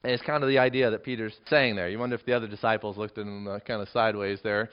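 A man preaching an expository sermon, working through a passage verse by verse and acting out the quoted lines with lively emphasis. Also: quick pace, few pauses, clear, resonant tone. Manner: animated, acts out quoted lines with rising pitch. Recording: dull lo-fi recording.

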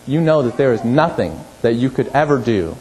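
A male pastor preaching a sermon, emphatic, rising to forceful peaks and dropping low. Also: sing-song, normal speed, slight background noise, low-quality recording.

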